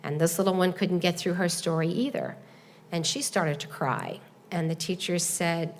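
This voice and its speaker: A woman with a lowish voice gives a formal, earnest speech to a seated audience. She tells her story at a measured pace, with pauses and small fillers. Her voice echoes with a long reverb through a large hall. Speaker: event host and presenter. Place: large hall at a speaking seminar.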